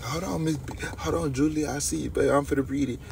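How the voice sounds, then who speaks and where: Streaming late at night, this young man addresses his viewers directly, telling stories in a loose, meandering way. His gravelly, creaky voice is a little high, steady in tone, fast and slightly mellow. It's captured from a distance by a phone set back from him, with a soft hum behind.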